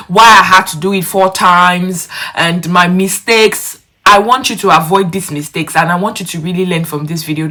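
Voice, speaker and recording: A woman's voice: on the low side, sharp tone. A young woman, talking to her viewers in a chatty, casual vlog. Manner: chatty, addresses viewers directly. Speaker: vlogger. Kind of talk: casual vlog talk to camera.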